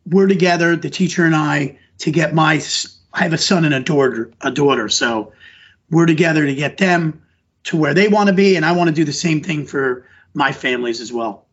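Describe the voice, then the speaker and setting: Middle-aged man, teacher type, slightly high husky voice, earnest and rambling in an interview, dull recording. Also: normal speed. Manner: earnest, rambling, restarts sentences. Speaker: elementary school teacher. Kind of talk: conversational podcast interview answers. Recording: dull lo-fi audio.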